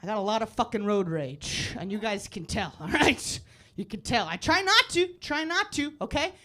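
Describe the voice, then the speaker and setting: Brash, lively woman doing stand-up. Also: a little high, normal speed, slight background noise. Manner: brash, profane, shouting bursts and frequent laughter. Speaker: stand-up comedian. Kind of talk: live stand-up set. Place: comedy club stage before a live audience.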